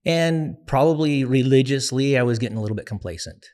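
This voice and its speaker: A young adult man, a guest in an interview, telling a personal story in an earnest, reflective way with frequent pauses and fillers. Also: mid-range voice, animated, darkish tone.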